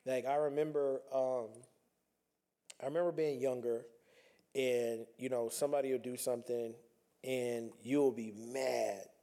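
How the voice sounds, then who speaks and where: A man's voice: medium pitch, steady tone, a little slow, mellow. A man talking earnestly in a reflective personal monologue, conversational and repeating himself as he works through his thoughts.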